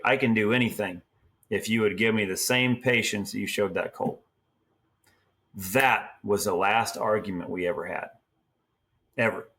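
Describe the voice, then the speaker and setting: A middle-aged man from Oregon, a team roper and trainer, telling stories in a casual, folksy way. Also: lowish voice. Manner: folksy, animated storyteller acting out quotes. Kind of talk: casual storytelling.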